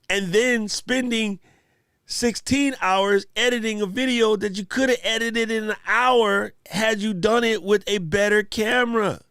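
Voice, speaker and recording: Slangy, animated live stream host man. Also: sits high, clear, resonant tone, no echo, studio quality. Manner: animated, slangy, talks straight to chat viewers. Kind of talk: casual live Q&A chat.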